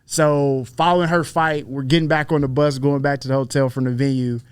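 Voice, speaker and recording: A man telling a story in casual podcast chat, profane and animated, acting out the people he quotes. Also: mid-range voice, a little fast, clean tone, no room sound. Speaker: podcast guest, fighter.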